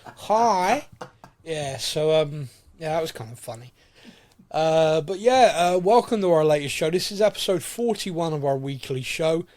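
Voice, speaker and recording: Middle-aged male podcast host, slightly high voice, chatty and rambling. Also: lively intonation, moderate pace, a little mellow. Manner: chatty, rambling, laughs easily. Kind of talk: casual chat.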